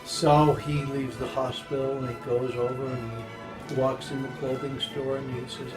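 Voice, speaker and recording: Older male joke teller, halting, restarts a lot, high squeaky character voices, faint music bed. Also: poor audio. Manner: animated, jumps high in pitch for voices in the jokes. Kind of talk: casual joke telling.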